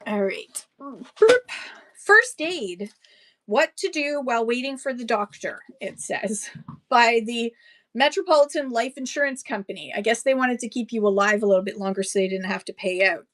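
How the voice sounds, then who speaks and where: A woman's voice: on the high side, animated, moderate pace, a bit bright. A woman running a live-stream book sale, chatting casually with rambling asides and thanking buyers by name. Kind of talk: casual live-auction selling chat.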